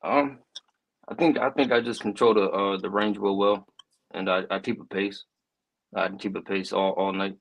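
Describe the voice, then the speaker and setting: A young man, an amateur fighter, answering interview questions in a hesitant, low-key, understated way. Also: steady tone, moderate pace, gravelly, a bit bright, rough recording.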